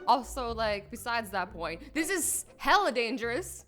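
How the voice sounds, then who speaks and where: High-voiced woman doing reaction commentary. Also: lively intonation, pushed and bright, soft background music. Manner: incredulous, scolding, quick rhetorical questions. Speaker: YouTube reaction host. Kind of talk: reaction commentary on video clips.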